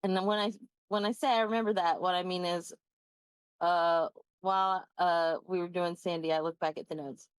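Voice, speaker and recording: A woman's voice: fairly low pitch, fairly even intonation, clean tone, dry recording, poor audio. Hesitant woman player, dry close sound. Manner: thoughtful, hesitant, halting. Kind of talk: playing a tabletop game.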